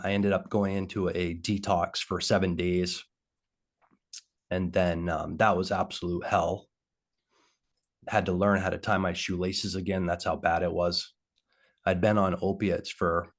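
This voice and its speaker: A man with a very deep voice tells his own story as a guest on a video call. His speech is halting and full of pauses and fillers. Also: level tone. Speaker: interview guest.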